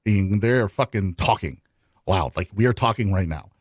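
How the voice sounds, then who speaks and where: A man's voice: on the low side, unhurried, dry recording. Ranting, profane man on a dry mic. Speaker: podcast guest. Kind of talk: casual podcast banter.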